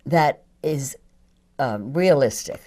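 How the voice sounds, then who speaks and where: A woman's voice: very deep voice, lively intonation, slow pace, warm tone. An older woman, a voice actress, chatting as an interview guest, laughing easily and poking fun at herself. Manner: chatty, laughs often, self-deprecating. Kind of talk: casual interview chat.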